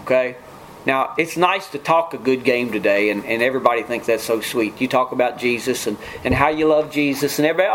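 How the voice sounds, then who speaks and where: A man's voice: medium pitch, fairly quick, a bit bright, slight background noise, rough recording. A man preaching a sermon in an earnest way, often restarting phrases and mimicking scoffers. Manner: earnest, repetitive restarts, mock-quotes scoffers.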